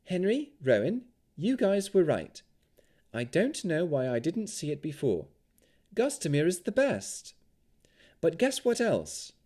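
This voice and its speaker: A man's voice: a little high, wildly swooping pitch, measured pace, dark tone, pitched above the performer's own voice, heavily acted. A man voicing an eager young elf woman in an audiobook, upbeat and friendly. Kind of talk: audiobook character voice.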